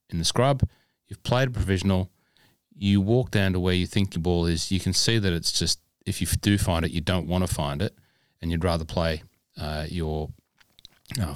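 A man co-hosting a casual golf podcast, telling stories in an animated way. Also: dry recording, studio quality. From Scotland. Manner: animated storyteller, mimics people in high voices. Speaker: podcast co-host. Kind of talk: casual chat.

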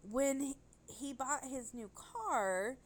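A woman telling a rambling, animated story in casual chat. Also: sits high, slow, poor audio.

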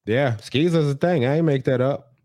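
A man's voice: medium pitch, moderate pace, darkish tone, a little hiss or hum. A man from the South, co-hosting a podcast in teasing, slangy casual chat. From American South. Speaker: podcast co-host.

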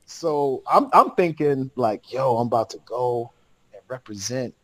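Slangy animated man telling a story. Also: mid-range voice, measured pace, no room sound, low-quality recording. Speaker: podcast guest. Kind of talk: casual storytelling.

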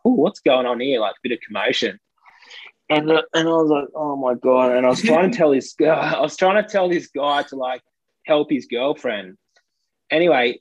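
A young Australian man rambles through an anecdote in casual chat, full of fillers and laughing between lines. His medium-pitched voice comes through a dry, lo-fi recording.

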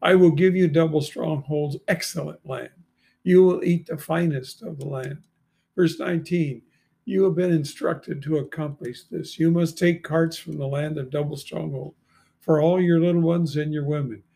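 A man in his seventies reading scripture aloud slowly and deliberately, adding brief asides of commentary. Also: on the high side, fairly even intonation, gravelly, mellow. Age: 70s. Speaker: Bible reader and commentator.

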